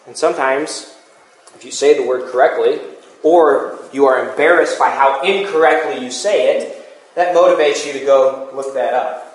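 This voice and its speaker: A man's voice: medium pitch, moderate pace, echoey room, low-quality recording. A man preaching a sermon in a conversational teaching manner, with asides and restarts.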